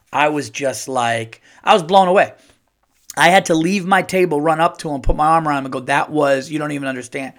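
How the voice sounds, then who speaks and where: Middle-aged guy hosting a podcast, kinda high voice, rambling story w/ lots of swearing and restarts. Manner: animated, swearing, repeats words and restarts. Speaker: podcast host. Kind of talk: casual storytelling.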